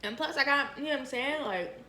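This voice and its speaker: Young woman, vlogger, bright sharp voice, casual storytime, swears a lot, candid. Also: sits high, fairly quick, slight background noise. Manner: candid and profane, heavy filler phrases. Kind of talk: casual storytime during an eating video.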